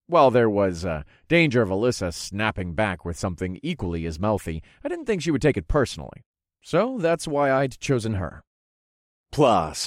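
A man with a very low voice reading a first-person fantasy audiobook. His delivery is expressive and wry, with a wide, lively pitch range. The recording is close and dry. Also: dry recording. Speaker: audiobook narrator.

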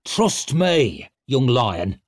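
A man's voice: medium pitch, sing-song, drawn-out words, no room sound, studio quality, exaggerated voice. A man voicing a wild, menacing young barbarian king who talks in a sneering, mocking manner.

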